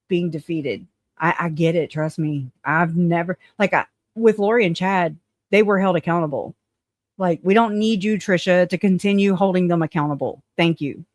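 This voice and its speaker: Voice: mid-range voice, dry recording, studio quality. A live-stream host in casual, profane commentary, chatting and thinking aloud while searching through notes.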